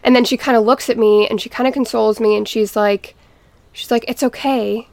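A young woman guest telling a painful personal story in a podcast interview, halting and restarting as she recalls what happened. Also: on the high side, fairly even intonation, darkish tone, no room sound. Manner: halting, restarts, quotes family members.

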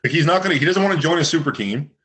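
A man's voice: on the high side, expressive, very fast, fairly bright tone. A man from Canada in a casual sports chat, giving blunt opinions and filling his talk with "like".

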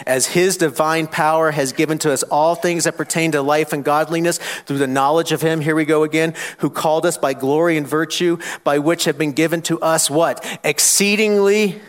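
High-voiced preaching man. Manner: call-and-response preaching, rising to loud challenges; reads scripture aloud with emphasis. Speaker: pastor. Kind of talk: sermon. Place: church with congregation.

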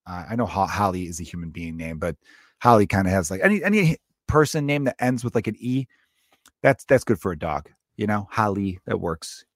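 A man's voice: on the low side, animated, brisk, dry recording, clean studio sound. Profane, jokey man telling a dog story. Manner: loose, profane and jokey, many fillers. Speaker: comedian podcast host. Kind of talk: comedic storytelling monologue.

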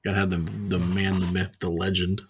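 A man's voice: low voice, completely flat delivery, a little fast, husky. A man co-hosting a podcast, giving brief, offhand replies in casual chat. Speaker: podcast co-host.

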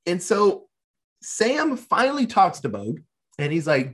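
A man tells a movie plot with big swings in pitch and a husky, breathy tone. He talks animatedly, swears freely and laughs through the retelling as a podcast host. His voice sits fairly high for a man. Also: huge pitch swings, unhurried, fairly bright tone. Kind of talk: casual movie recap.

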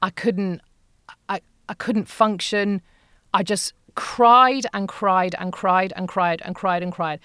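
A middle-aged woman, an interview guest, telling a painful personal story in a halting, emotional way with many repeated phrases. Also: medium pitch, fairly even intonation, a bit bright, smooth, dry recording, studio quality.

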